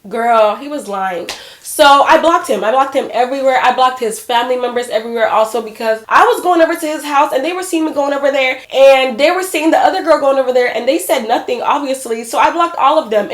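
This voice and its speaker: A woman in her twenties chatting casually to her viewers, telling a personal story in an animated way. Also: sits high, brisk, hardly any pauses, roomy sound. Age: 20s. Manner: animated, addresses viewers as y'all and girl. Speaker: vlogger.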